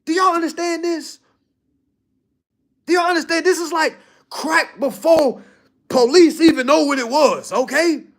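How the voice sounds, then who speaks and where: A man's voice: very high voice, a little slow, pauses often. A man coaching his clients in a blunt, preachy talk, teasing them and asking "All right?" again and again. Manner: animated, mocking and laughing at his audience. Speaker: business coach addressing clients.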